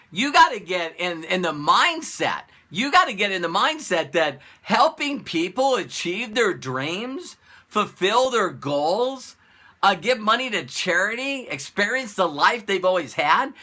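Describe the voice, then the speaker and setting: A high-sitting male voice gives an informal motivational talk to camera in the role of a business coach, lively and repetitive, peppered with rhetorical questions.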